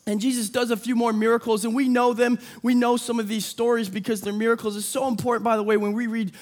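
A man preaching a sermon with energy, building to shouts and acting out quick voices for the people in the story. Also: very high-pitched. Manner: energetic, rising to shouts, acts out disciples' voices. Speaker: pastor.

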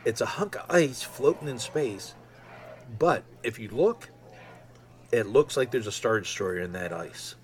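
A man around fifty hosting a solo podcast, rambling excitedly with lots of ums. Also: medium pitch, unhurried. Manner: excitable, rambling fan talk with many ums. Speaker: podcast host. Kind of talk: casual solo podcast monologue.

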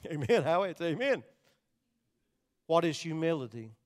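An older man preaching a sermon, swinging between loud, urgent passages and hushed, quiet ones. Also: a little high, big pitch swings, a little slow, big-room sound. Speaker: pastor.

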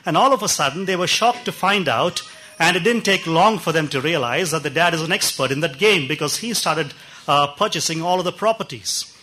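A man preaching a sermon, telling anecdotes in an unhurried, conversational way with frequent pauses and fillers. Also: fairly high pitch, sharp tone. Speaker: pastor. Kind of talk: sermon storytelling.

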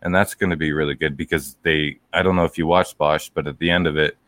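A man with a very low voice talks through a casual movie chat, drifting from point to point with plenty of fillers. The sound is dry and close, with no room around it. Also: fairly even intonation, fast talker, fairly bright tone, dry recording. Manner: rambling, hesitant, lots of fillers.

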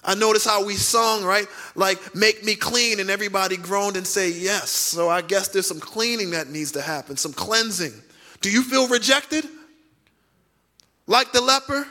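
High, bright-voiced preaching pastor. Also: male voice. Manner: preaching with dramatic pauses and emphatic drawn-out words; conversational, asks the congregation direct questions. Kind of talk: sermon. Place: church sanctuary.

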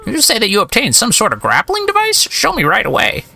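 A man voicing a fussy, scholarly female bird professor, reading game dialogue aloud in a bookish, measured way. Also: high-pitched, huge pitch swings, gravelly, bright, forceful tone, voice pushed up, full character voice.

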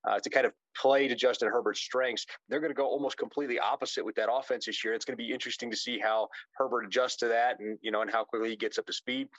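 A man's voice: medium pitch, a bit bright, dry recording, highs cut off. A man from the United States talks as an interview guest, cracking jokes and circling back with plenty of "uh"s and restarts. His voice sits in a middle register and comes through dry and close, with no room sound. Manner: chatty, joking, many fillers and restarts. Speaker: guest, football insider and radio co-host. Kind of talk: casual interview talk.

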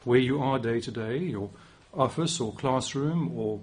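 A preacher in his forties with a South African accent gives a conversational sermon, occasionally restarting and using light self-deprecating humor. His mid-range voice is a little slow, with background noise present.

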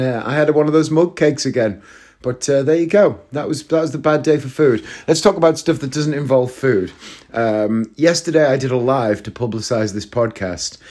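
Guy in his 30s, chatty podcast ramble, mid-pitched, pokes fun at himself. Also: a little mellow. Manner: rambling, self-deprecating storyteller. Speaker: podcast host and actor. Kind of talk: casual comedic monologue.

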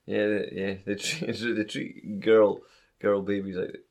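A man's voice: fairly low pitch, flat delivery, takes it slowly, darkish tone. A young man co-hosting a podcast in a laid-back way, laughing often and dropping crude asides. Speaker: podcast co-host. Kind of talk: casual podcast banter.

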